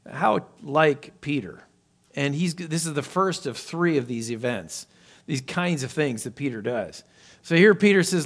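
A man preaching a sermon, acting out Bible characters with lifted voice and dropping to a hush for emphasis. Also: moderate pace. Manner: expressive preaching, voicing Bible characters with rising pitch and volume; drops to a soft hush for emphasis. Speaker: pastor.

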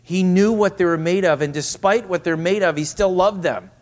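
A man preaching a sermon as pastor, emphatic and repetitive, sometimes dropping to soft asides. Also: high voice, normal speed.

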